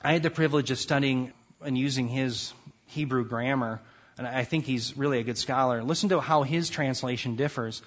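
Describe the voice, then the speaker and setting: A man gives an emphatic classroom lecture on scripture, his voice at a middle pitch. He reads verses aloud with rising force. The recording is dull and lo-fi. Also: a little fast. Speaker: Bible teacher.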